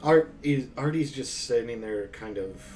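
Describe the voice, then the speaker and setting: Brief: relaxed slow game master narrating, distant mic with faint music behind. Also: male voice, medium pitch. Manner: casual, laughing, profane.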